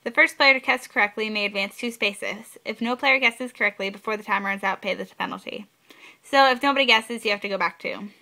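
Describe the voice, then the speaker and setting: A woman's voice: medium pitch, brisk, pushed and bright. A young woman vlogging casually, explaining board game rules in a chatty, blunt way and repeating words for emphasis.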